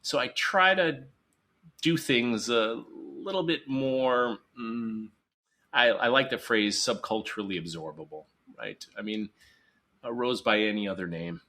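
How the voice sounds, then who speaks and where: A psychologist guest in a podcast interview, talking earnestly and emphatically, sometimes acting out quoted voices. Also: male voice, medium pitch, a little slow, pushed and bright.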